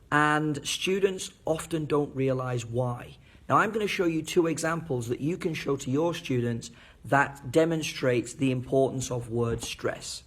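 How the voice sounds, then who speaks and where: A man teaching fellow teachers at a board, speaking clearly and enunciating each syllable as he demonstrates. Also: a little high. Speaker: English teacher. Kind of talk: teacher training lesson at a board.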